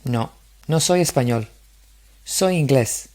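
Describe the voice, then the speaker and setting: Man reading as an Englishman abroad, slow and clear. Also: mid-range voice, animated, a little mellow, natural voice. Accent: Spanish. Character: Englishman living in Spain.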